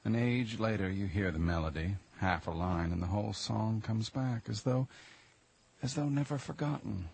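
An actor playing the fallen angel Lucifer, confused in a human body, in a radio drama, halting and bewildered. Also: male voice, fairly low pitch, vocal fry, darkish tone, a little hiss or hum. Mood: mournful. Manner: bewildered then rising to rapture. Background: music.

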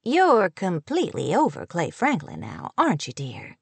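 A woman's voice: mid-range voice, sing-song, normal speed, dry recording. Nosy small-town busybody, read by a woman, syrupy and prying, close dry sound. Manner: prying, falsely sweet.

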